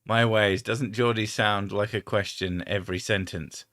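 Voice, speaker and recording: A man's voice: lowish voice, steady tone, moderate pace, a bit bright, no echo, studio quality. A young English man from the home counties hosting a casual chat, swearing freely and trying out accents. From England, home counties. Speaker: host.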